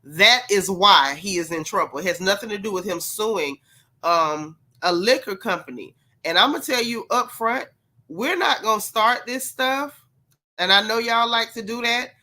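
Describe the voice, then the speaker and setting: Sounding sick and stuffed up, a gossip channel host talks directly to her livestream chat, hammering points home by repeating them. Her voice is medium-pitched and sharp at a normal speed.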